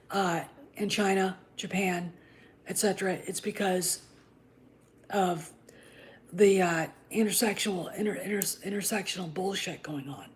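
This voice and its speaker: A woman hosting a casual commentary vlog, talking in a blunt, profane and opinionated rambling way. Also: medium pitch. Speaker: host of a channel on the Star Wars franchise.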